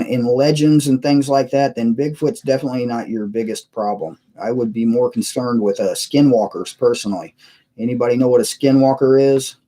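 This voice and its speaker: A man chatting casually on a live stream from his computer, his voice warm and mellow at a middling pitch. He wanders from story to story, chuckling and reading out viewers' messages. The sound comes through a cheap webcam mic. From United States. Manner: rambling, chuckling, reads chat aloud.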